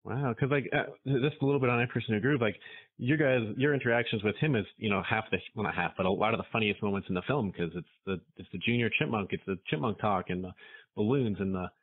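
A man's voice: fairly low pitch, fast, husky. A man interviewing a guest, asking eager, rambling questions. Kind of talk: casual interview. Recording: phone-like narrow sound.

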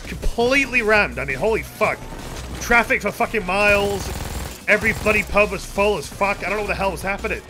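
A man's voice: high-pitched, fairly quick, over music. A man streaming a video game, chatting casually with viewers in a rambling way and swearing freely. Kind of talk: casual live-stream chat while gaming.

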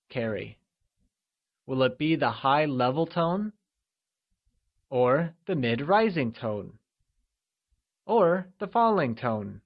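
A man narrating a scripted language lesson, upbeat and encouraging, drawing out modeled syllables slowly. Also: medium pitch, muffled recording. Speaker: language teacher.

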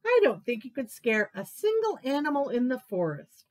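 A woman voicing a teasing older tiger brother in a storybook, in a gentle, fairly plain voice. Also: high voice, huge pitch swings, normal speed.

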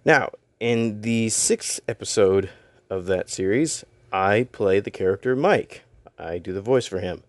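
Rambling young man, low voice. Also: measured pace, no room sound. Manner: rambling, self-deprecating, stumbles over words. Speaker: YouTuber and voice actor. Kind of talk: casual announcement vlog.

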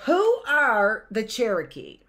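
A woman's voice: on the high side, wildly swooping pitch, slow, fairly bright tone. A woman, a teacher reading a picture book aloud to young children on a livestream and wandering into chatty asides and questions.

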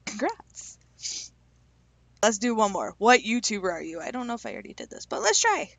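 A young woman reading quiz questions aloud and answering them with quick, self-deprecating jokes in a casual vlog. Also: fairly high pitch, huge pitch swings, vocal fry, fairly bright tone, no room sound. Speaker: YouTuber taking online quizzes.

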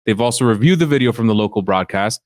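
A man's voice: fairly low pitch, lively intonation, quick pace, noisy background. A man co-hosting a podcast, recounting a story in loose conversational chat. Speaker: podcast co-host. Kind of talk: casual chat.

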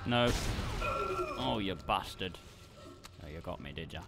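A man commentating a horror game, excitable, swearing and shrieking when scared. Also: low-pitched, a little slow, vocal fry. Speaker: gaming YouTuber. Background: game music.

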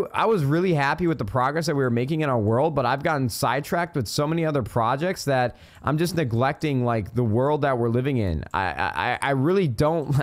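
A young man hosting a casual let's-play, chatty and excitable, swearing now and then, talking into a studio mic on a boom arm at his home gaming setup. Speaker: gaming YouTuber host.

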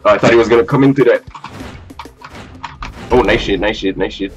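A man's voice: lowish voice, fairly quick, dull audio. A young man giving live commentary while playing a ranked fighting game, swearing, trash-talking and repeating his phrases. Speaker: gamer. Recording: faint game music behind.

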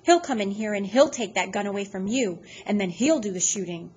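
A woman's voice: mid-range voice, expressive, brisk, a little mellow, a little hiss or hum, close to an everyday voice. A woman reading aloud, voicing an anxious elderly grandmother who is close to tears. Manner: distressed, pleading. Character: upset elderly grandmother, fearful and tearful.

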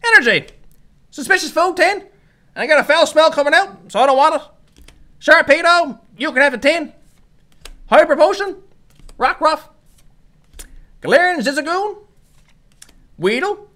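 A YouTuber gives excitable, hyped-up commentary while opening trading card packs and calling out each card. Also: high-pitched, unhurried, pauses often. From Newfoundland, Canada. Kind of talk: casual pack-opening commentary.

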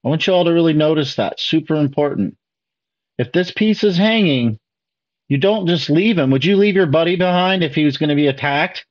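A man's voice: fairly high pitch, expressive, fairly quick, dull audio. A man hosting a chess video, explaining moves step by step and asking viewers questions. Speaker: chess video host reacting to a lesson. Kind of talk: casual commentary to viewers.

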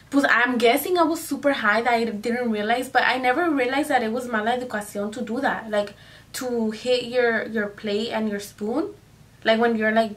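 Young woman vlogger, casual storytime chat, chatty, code-switching into spanish, a bit high-pitched, a little off-mic. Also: distant mic.

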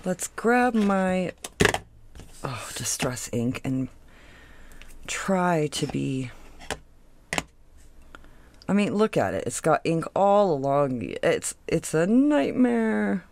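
Low, lively-pitched woman chatting through a craft. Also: slow pace, vocal fry, long pauses, background noise. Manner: chatty, thinks aloud, trails off mid-sentence; coos at her craft pieces. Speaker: crafting channel host. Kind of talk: casual craft tutorial chat.

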